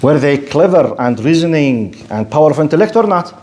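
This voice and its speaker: Animated man giving a religious lecture. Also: fairly high pitch, slight background noise. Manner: animated and rhetorical, mimics objectors in quick asides. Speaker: Islamic lecturer. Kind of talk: lecture to an audience.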